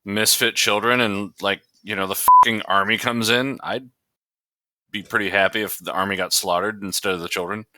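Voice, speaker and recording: Guy riffing on a movie with buddies, super bright voice, bouncy, dry close sound. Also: on the low side, fairly even intonation, moderate pace, no echo. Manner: joking, swearing, laughs often. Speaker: podcast co-host. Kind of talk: casual movie commentary chat.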